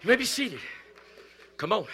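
A man preaching a Pentecostal sermon, moving from shouted calls to hushed storytelling, repeating phrases and speaking in tongues. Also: big pitch swings, normal speed, a faint crowd, a little hiss or hum. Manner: swings from shouted exhortation to low hushed storytelling. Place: church service.

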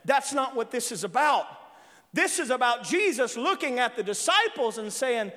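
A male preacher delivering an emphatic sermon in a folksy way, breaking into shouts at times. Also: extremely high pitch, very animated, normal speed. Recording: long reverb of a large hall.

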